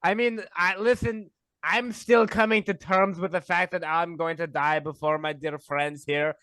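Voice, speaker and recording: A man joking with friends at a tabletop game. His voice is smooth and a touch high, recorded close and dry with no room sound. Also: fairly even intonation, normal speed, sharp tone, no room sound. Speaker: player.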